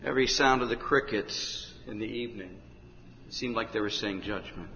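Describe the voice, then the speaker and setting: A man preaching an urgent revival sermon in a large hall, rising to shouts at the climaxes. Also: fairly low pitch, moderate pace. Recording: dull, echoey hall with faint noise.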